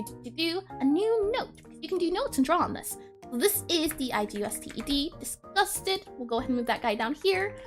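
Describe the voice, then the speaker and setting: A woman with a high, bouncy voice chats casually on a drawing stream and giggles often. She reads viewer comments aloud and answers them. Soft music plays behind her. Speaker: art streamer. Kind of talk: casual live-stream chat while drawing.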